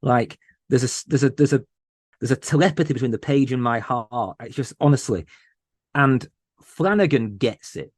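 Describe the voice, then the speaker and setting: A man's voice: mid-range voice, lively intonation, darkish tone, no room sound. Guy on a podcast getting all earnest, keeps restarting, dry close mic. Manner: emotional, earnest, halting restarts. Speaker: podcast host, interview guest. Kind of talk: casual interview chat.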